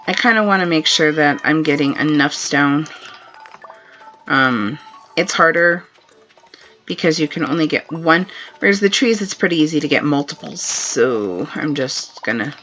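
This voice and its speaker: A woman streaming a game live, chatting in a relaxed way and laughing often as she plays, with dull lo-fi stream audio and faint game music behind her. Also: deep voice. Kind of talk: live gameplay commentary.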